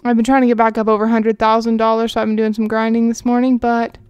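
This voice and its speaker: Woman rambling through her gameplay, kinda high voice, smooth and clear, dry close mic. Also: monotone, fast, a little mellow, no room sound. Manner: chatty, rambling, talks to viewers as she plays. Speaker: gaming channel host. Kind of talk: casual gameplay commentary.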